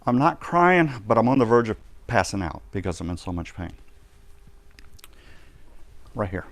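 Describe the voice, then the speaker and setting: In a dry recording, a man with a fairly low-pitched voice gives a personal testimony on a ministry live stream. He tells his story vividly, acting out the shouts and reactions of the people involved.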